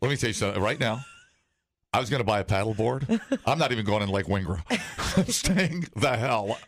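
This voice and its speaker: A man's voice: lowish voice, a little fast, dry recording. A man co-hosting a radio morning show, joking and teasing his partner in casual banter. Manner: joking, teasing, deadpan fake stories.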